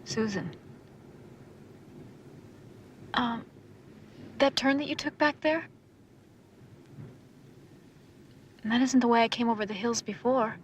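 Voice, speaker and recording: A woman's voice: a little high, moderate pace, slight background noise, natural voice. An actress playing a frightened young college woman who pleads and defends herself, in an old TV drama. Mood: uneasy. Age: young adult. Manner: pleading, defensive, rising to shouting. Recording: old TV drama with music behind.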